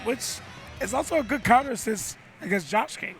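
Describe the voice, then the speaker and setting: A man co-commentating a fighting-game match, chatting in relaxed, joking banter with slang. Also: very high voice, brisk, vocal fry, music in the background. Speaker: esports co-commentator.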